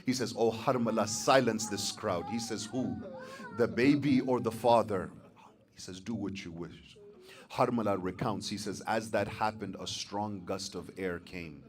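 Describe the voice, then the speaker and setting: A man with a low voice preaches a mourning sermon in his phrases. He swings from loud, high cries down to hushed, grieving lament. His delivery is that of a recited elegy. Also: unhurried.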